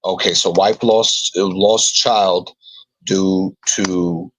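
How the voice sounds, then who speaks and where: Man, low voice, casual podcast brainstorm, slow repetitive thinking aloud. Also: steady tone, a bit bright, slight background noise, low-quality recording. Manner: thinks aloud, repeats words while writing notes. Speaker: podcast co-host.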